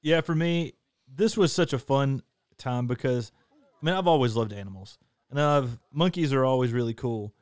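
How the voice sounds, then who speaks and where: A man's voice: medium pitch, moderate pace, a little mellow, no room sound. An earnest, enthusiastic man co-hosting a casual travel chat. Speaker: show co-host.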